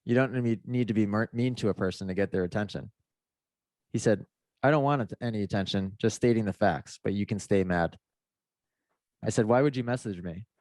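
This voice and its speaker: A man's voice: fairly low pitch, brisk, no echo, clean studio sound. Man telling a story with a laugh. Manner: animated, laughing, acts out the quoted messages. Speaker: podcast guest, mindset coach. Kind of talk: casual storytelling.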